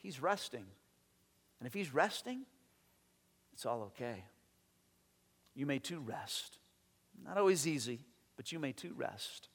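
High-voiced pastor preaching in a reverberant hall. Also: male voice. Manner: animated, acts out voices in quotes, repeats words. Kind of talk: sermon.

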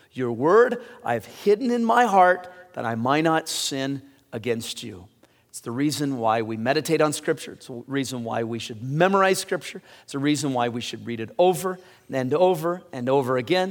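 A man preaching a sermon, swinging between excited high rises and quiet low drops, his voice getting hoarse. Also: long reverb tail. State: losing his voice. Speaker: pastor.

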